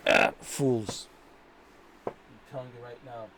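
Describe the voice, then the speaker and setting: A man's voice: medium pitch, fairly even intonation, takes it slowly, a bit bright, slight background noise. Guy ranting on his channel, mad, says the same thing over and over. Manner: indignant, repetitive, emphatic. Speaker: commentary channel host. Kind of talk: ranting video commentary.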